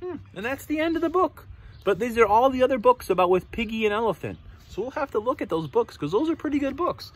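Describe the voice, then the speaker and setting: A man's voice: very high voice, fast talker. A man reading a picture book aloud to children, stopping to ask them questions. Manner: animated, asks listeners questions. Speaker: storybook reader.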